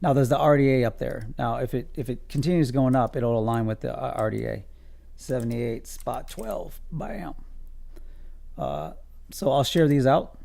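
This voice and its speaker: A man's voice: medium pitch, moderate pace, creaky, warm tone. A man streaming his day trading live, calling out levels to viewers in a casual, joking, self-amused way.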